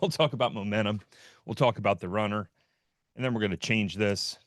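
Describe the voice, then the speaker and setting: A man with a fairly low voice hosts a live trading stream. He talks through the market in a loose, joking way, full of fillers and asides. The sound is dry, with no room echo at all. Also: a little fast. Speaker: host of a trading livestream. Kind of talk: casual live market commentary.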